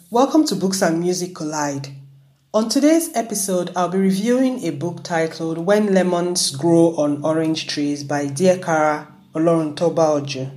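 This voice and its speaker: The host of a book review show, talking through a novel and reading a passage from it in a measured, clear way. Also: mid-range voice, a little mellow. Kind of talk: book review with read excerpt.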